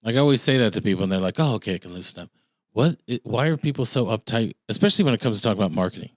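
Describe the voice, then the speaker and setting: A man's voice: fairly low pitch, lively intonation, very fast, dry recording, studio quality. Joking man in casual podcast chat. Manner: loose, joking, rambling. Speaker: podcast co-host.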